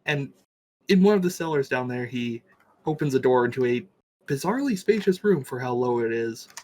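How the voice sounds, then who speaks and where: A man runs a tabletop game, narrating scenes in a loose, casual way with plenty of fillers and a swear here and there. His pitch sits mid-range, and a faint noise hums under the recording. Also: animated, normal speed, darkish tone. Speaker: game master.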